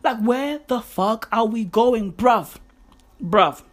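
A woman tells a story in a casual vlog. She talks in a lively way, swears freely and keeps her voice half-whispered because it is early morning at home. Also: on the high side, slow pace. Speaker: vlogger.

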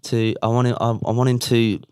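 A young man co-hosting a casual chat, given to animated, mock-exasperated rants. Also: medium pitch, brisk, smooth, no echo, studio quality.

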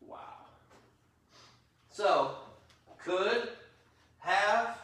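A man preaching an interactive Bible teaching sermon, animated and quick to act out God's anger. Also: high voice. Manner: animated, acts out God's angry voice, rising to shouts. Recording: roomy echo, voice from a distance.

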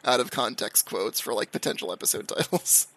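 A man's voice: medium pitch, animated, brisk, vocal fry, pushed and bright. A man hosting a podcast, chatting casually and enthusiastically with lots of fillers. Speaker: podcast host.

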